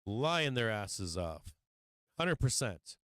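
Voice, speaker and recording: A middle-aged man hosting a live market show, ranting in a swearing, animated way, acting out little scenes and tagging his lines with "right?". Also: lowish voice, slow, no echo. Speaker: stock market show host. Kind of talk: profane livestream market rant.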